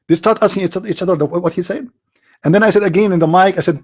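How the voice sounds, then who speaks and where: High-voiced blunt man hosting live talk. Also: quick pace, breathy edge. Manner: blunt, mocking, broken grammar. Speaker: host of a live call-in challenge.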